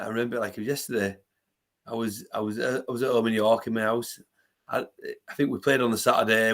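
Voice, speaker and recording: A former rugby player, telling his story in a bright, forceful voice. He talks in an animated way, restarting his sentences and repeating words as he goes. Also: medium pitch. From England. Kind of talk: storytelling in a podcast interview.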